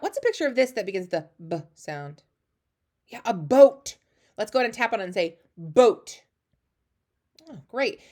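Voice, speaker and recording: A woman teaching a phonics lesson to young children, warmly encouraging with lots of praise. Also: medium pitch. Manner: encouraging, lively, sing-song praise.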